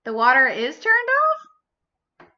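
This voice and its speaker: A woman's voice: high voice, sing-song, a little slow, sharp tone, muffled recording. A woman hosting a baking livestream, chatting casually with sassy, playful teasing and casual swearing. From United States. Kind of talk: casual chat while baking.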